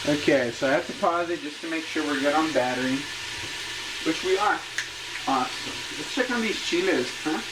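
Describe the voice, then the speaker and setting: A young man chatting casually through a cooking vlog, jokey and rambling, recorded on a camera mic in his home kitchen. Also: mid-range voice. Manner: jokey, rambling, self-amused. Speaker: cooking vlogger. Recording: echoey kitchen with cooking noise. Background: frying and sizzling.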